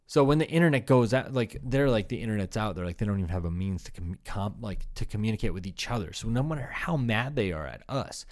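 A man's voice: on the low side, darkish tone. A young adult man hosting a solo comedy podcast, rambling and swearing as he riffs on absurd hypotheticals and slips in voices of made-up people. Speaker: podcast host.

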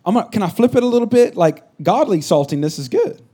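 A middle-aged man giving a sermon with a fairly high voice. He talks casually and jokes with the congregation, then rises into loud, emphatic bursts. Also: very animated, fast, husky. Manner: conversational, joking preacher with rising emphatic bursts. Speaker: pastor.

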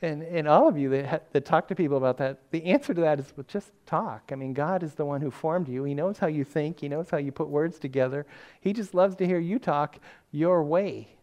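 A man's voice: a little high, fairly quick, a little mellow, highs cut off. Older male pastor, sermon, chatty storyteller who laughs at himself. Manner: conversational storytelling, self-deprecating humor.

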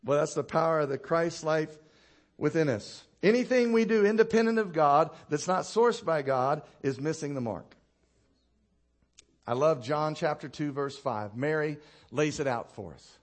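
A male pastor preaches in an animated manner at a moderate pace, telling stories and laughing at his own anecdotes. He goes low and quiet to land a point and asks his congregation for responses.

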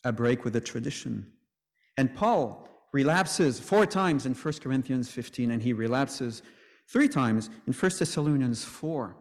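A man's voice: medium pitch, expressive, a little slow, in a large hall. A man preaching a sermon in a conversational way, with joking asides.

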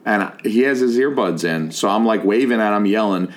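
Animated, profane middle-aged man. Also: lowish voice, moderate pace. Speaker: podcast host. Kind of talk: casual comedic storytelling.

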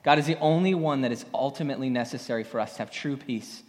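A man's voice: medium pitch, fast. A male pastor delivering a sermon in an easygoing, storytelling manner, with frequent ums and restarts. His voice sits in a middle register for a man. The sound carries a long hall reverb. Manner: conversational storytelling with many fillers.

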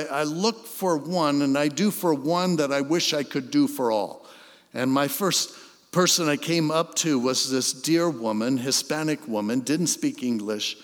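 A man preaching a sermon as a pastor, telling stories and swelling in intensity before dropping to a soft, earnest tone. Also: fairly high pitch, long reverb tail. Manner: storytelling, swells then drops to soft intensity.

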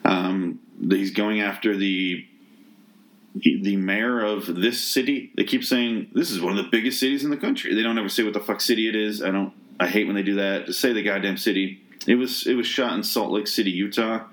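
A man's voice: on the low side, steady tone, normal speed, fairly bright tone. A man reviewing a movie in a casual rant, sarcastic and exasperated, swearing often and restarting his sentences.

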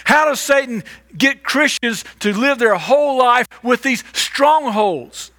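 A man's voice: very high-pitched, lively intonation, takes it slowly, a bit bright. A man preaching a sermon as pastor, emphatic and repetitive, sometimes stumbling over restarts.

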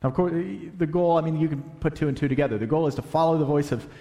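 A man preaching a sermon, animated, swinging between loud emphasis and hushed, quiet passages. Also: on the high side, racing. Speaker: pastor. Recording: long hall reverb.

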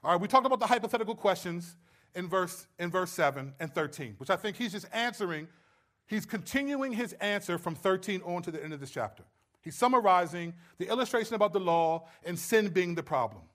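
A man's voice: high voice, lively intonation, a little fast, a bit bright. A man preaching a sermon in a conversational way, checking in with listeners. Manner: conversational, checks in with the audience often. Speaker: pastor.

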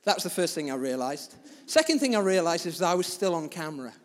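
A man preaching as a pastor, telling a story in a sermon with big swings between loud and soft. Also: fairly high pitch, sing-song, fast talker, big-room sound, a little hiss or hum.

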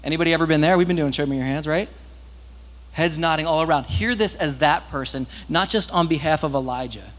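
A man's voice: a little high, a little fast. Man preaching in a reverberant hall. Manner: animated, conversational preaching that rises to loud peaks. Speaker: pastor. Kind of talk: sermon.

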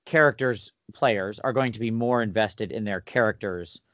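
A man's voice: fairly low pitch, normal speed, a bit bright, no room sound. A man in casual chat as a podcast co-host and game master, explaining things thoughtfully and restarting his sentences. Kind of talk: casual chat about running tabletop games. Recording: dull dry recording.

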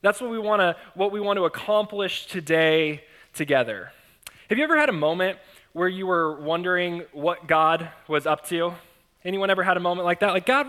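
A man's voice: sits high, moderate pace. A man preaching to his congregation, telling a personal story with humor and frequent laughs, acting out the voices of the people in it. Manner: animated, self-mocking, laughs often. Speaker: pastor. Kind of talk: storytelling sermon.

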